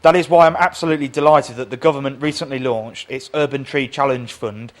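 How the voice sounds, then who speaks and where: Man reading a prepared council question. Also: medium pitch. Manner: read-aloud, brisk.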